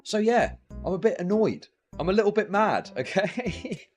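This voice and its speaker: A male streamer rants with swings in pitch, jumping between low mutters and high, mocking exclamations. He swears freely and laughs as he talks, and his voice sits a little high for a man. Faint music plays behind him. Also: very animated, normal speed. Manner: mocking, profane, laughing ranting. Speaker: streamer host. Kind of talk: live-stream reaction rant.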